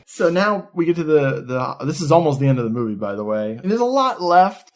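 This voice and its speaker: A man co-hosting a podcast, retelling a movie's plot in an excited, profane, casual way. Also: on the high side, a little fast. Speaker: podcast co-host. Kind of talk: casual movie review chat.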